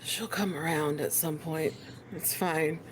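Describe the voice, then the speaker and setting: A woman's voice: deep voice, fairly even intonation, a little slow, noisy background. A woman playing her character in a tabletop game, speaking defiantly in character. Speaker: player.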